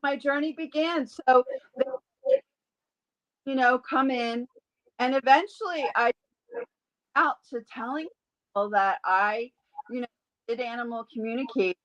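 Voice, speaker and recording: A woman guest in a casual interview, an animal communicator and Reiki healer telling lively stories and acting out the voices she quotes. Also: high voice, a little slow, long pauses, low-quality recording. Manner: animated storyteller who acts out quoted voices.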